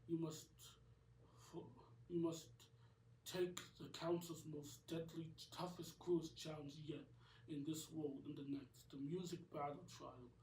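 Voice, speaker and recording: A man's voice: a little high, level tone, a little slow, darkish tone, a little hiss or hum. A man voicing an earnest, deferential male music teacher in an amateur cartoon, reassuring in manner, with roomy echo from a distant mic.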